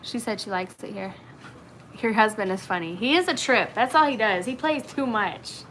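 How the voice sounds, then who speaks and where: A woman's voice: mid-range voice, normal speed, a bit bright, slight background noise, poor audio. A woman from Virginia with a Southern accent, hosting a casual livestream and chatting through viewer comments with lots of fillers. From Virginia, Blue Ridge region. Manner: chatty, many fillers, reads comments aloud. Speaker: livestream host.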